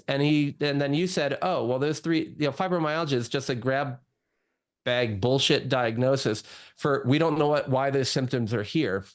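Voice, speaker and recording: A man's voice: medium pitch, normal speed. A man, a doctor, telling his own story in a casual interview, full of "like" and "you know". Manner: chatty, lots of "like" and "you know". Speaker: guest doctor.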